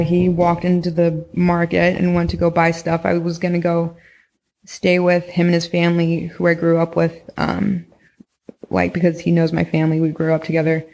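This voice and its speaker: Young woman, creaky voice, rambling casual storyteller full of "like" and swearing. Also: lowish voice, a little mellow. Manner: rambling, heavy use of "like", frequent swearing. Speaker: podcast guest recounting experiences.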